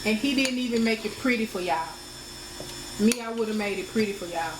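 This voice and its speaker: Brisk and a little high-pitched, a woman from the United States walks viewers through a dish step by step. She keeps up a chatty, casual flow and addresses them as "y'all," against echoey kitchen acoustics and the noise of cooking.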